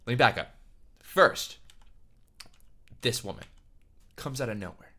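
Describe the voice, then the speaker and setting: A man who writes musicals talking casually and excitedly through a reaction to a stage show, gushing and rambling. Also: mid-range voice, normal speed, long pauses.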